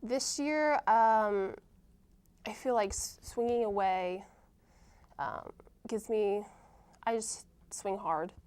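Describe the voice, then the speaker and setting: A woman's voice: mid-range voice, slow pace, long pauses, a little mellow, clear, resonant tone. Young woman, college athlete, casual interview, hesitant, lots of ums, mid-range voice. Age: young adult. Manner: hesitant, many ums and restarts. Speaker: college softball player, guest.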